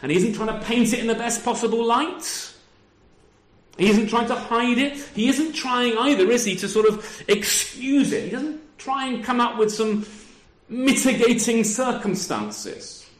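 A man's voice: very high-pitched, expressive, measured pace. A man preaching a sermon to his congregation, asking rhetorical tag questions and adding dry self-deprecating humor. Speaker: pastor. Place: church service. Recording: roomy echo.

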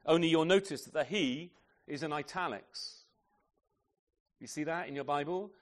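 Man preaching a sermon with a slightly high voice; emphatic, asks the congregation questions. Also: moderate pace. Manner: emphatic, with frequent rhetorical questions; addresses children in the congregation.

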